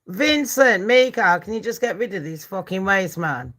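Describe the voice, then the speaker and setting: A woman's voice: mid-range voice, animated, normal speed, a bit bright. Foul-mouthed woman ranting at chat. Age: 40s. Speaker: livestream host. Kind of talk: live-stream rant and true-crime chat.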